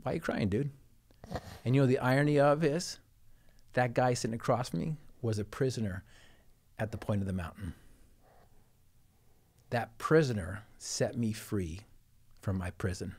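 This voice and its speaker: Male motivational speaker, mid-pitched voice, earnest storytelling with dramatic pauses. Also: a little mellow. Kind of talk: personal storytelling.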